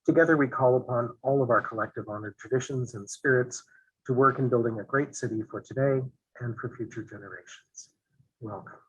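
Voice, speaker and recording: Husky man giving a halting welcome. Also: mid-range voice, a bit bright, lo-fi sound. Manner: halting, with frequent pauses. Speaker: event host. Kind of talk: formal welcome and introduction.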